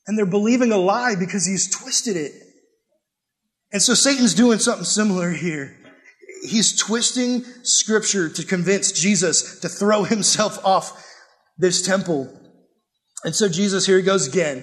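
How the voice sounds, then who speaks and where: A man's voice: high-pitched, lively intonation, a little slow, fairly bright tone. A man preaching a sermon, emphatic and conversational, with frequent rhetorical questions. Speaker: pastor.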